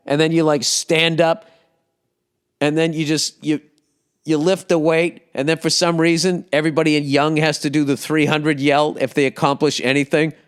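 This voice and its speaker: Profane rambling comedian, Boston accent. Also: male voice, a little high, smooth. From United States. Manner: profane, animated, acts out yells and impressions. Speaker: comedian podcast host. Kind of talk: casual rambling monologue.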